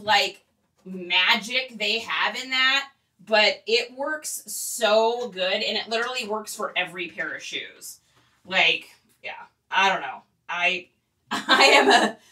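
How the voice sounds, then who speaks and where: A woman's voice: mid-range voice, bright, forceful tone, distant mic. A woman who resells online, chatting casually and rambling while she photographs shoes. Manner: chatty and rambling, with fillers and laughs.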